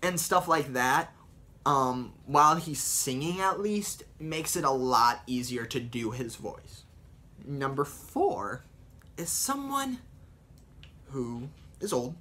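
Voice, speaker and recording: A man's voice: medium pitch, lively intonation, slow pace, sharp tone, slight background noise. A young man chatting casually about voice impressions, rambling and explaining with many fillers. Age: young adult. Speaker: vlogger doing voice impressions. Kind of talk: casual chat.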